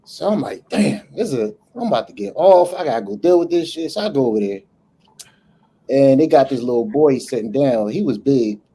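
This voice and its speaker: A man spins a story on a casual podcast, acting out each voice in a lively, profane way. His voice is husky and mellow, and his pitch rises and falls widely. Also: brisk. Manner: animated, profane, acts out dialogue. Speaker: podcast co-host.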